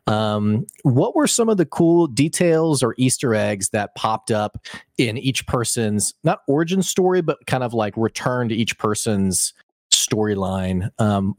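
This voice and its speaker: A man hosting a relaxed chat, with a lowish voice. He nudges the talk along with quick acknowledgements and open questions. The sound is dry and close. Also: no echo. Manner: steers the talk, short acknowledgements. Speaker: podcast host. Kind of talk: casual chat about a show.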